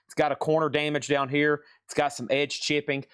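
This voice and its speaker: A man's voice: on the high side, level tone, a bit bright, clean tone, dry recording, studio quality. Chatty man running a live record sale. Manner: quick, chatty, rattling off prices and bidder names. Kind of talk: live-stream auction chat.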